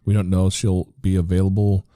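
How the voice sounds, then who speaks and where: American podcast host, forties, low dark voice, dry close sound, earnest and rambling. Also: male voice, completely flat delivery, brisk, no echo. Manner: earnest, rambling, with frequent restarts. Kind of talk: casual conversational interview.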